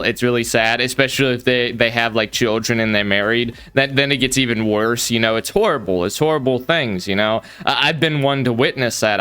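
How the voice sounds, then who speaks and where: A man's voice: medium pitch, a bit bright, smooth. A man hosting a commentary video, hesitant, with repeated words and frequent fillers. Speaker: commentary channel host. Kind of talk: commentary reaction.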